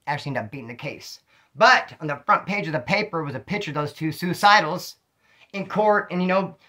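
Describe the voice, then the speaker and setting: A man casually telling stories from his past in heavy street slang, acting out what people said. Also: fairly high pitch. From California. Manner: streetwise slang, animated, acts out quotes. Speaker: storyteller recounting prison life. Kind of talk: casual storytelling monologue.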